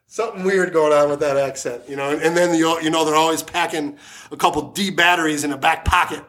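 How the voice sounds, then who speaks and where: A man's voice: a little high, fairly even intonation, moderate pace, fairly bright tone. A man hosting a casual sports podcast, joking crudely and laughing often. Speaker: podcast host.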